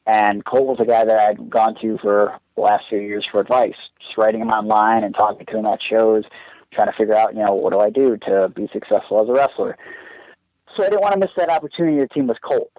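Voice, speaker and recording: Young guy on a podcast, lowish voice, dry dull lo-fi sound, rambles with lots of "like". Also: brisk, dry recording. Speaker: podcast guest, pro wrestler. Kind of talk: casual storytelling.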